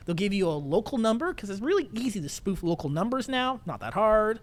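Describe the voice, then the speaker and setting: Young male co-host, animated pitch, explains fast with restarts. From Canada. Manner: explains quickly with many restarts, lively pitch. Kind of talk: casual chat.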